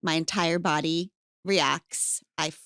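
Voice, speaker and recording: A woman hosting a podcast in casual chat, animated and playful, acting out her stories. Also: low voice, slow pace, no room sound, clean studio sound. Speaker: podcast host.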